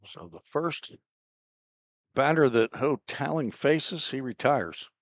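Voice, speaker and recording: A man doing relaxed, chatty play-by-play commentary on a baseball game, with easygoing asides between pitches. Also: takes it slowly, dry recording. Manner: relaxed, chatty, laughs at own slips. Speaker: play-by-play announcer.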